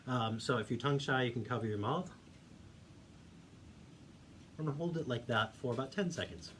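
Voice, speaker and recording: A male voice teacher leads a home singing warmup in a calm, encouraging way. His tone is bright and clear, and he is set against a faint background hiss. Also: mid-range voice, normal speed. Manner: demonstrates hums and vocal sounds.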